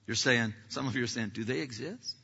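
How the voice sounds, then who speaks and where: A man preaching a sermon as pastor of his church, talking conversationally and swinging between loud passages and hushed ones. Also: mid-range voice, a little fast, creaky, husky. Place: church sanctuary. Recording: echoey hall, dull lo-fi sound.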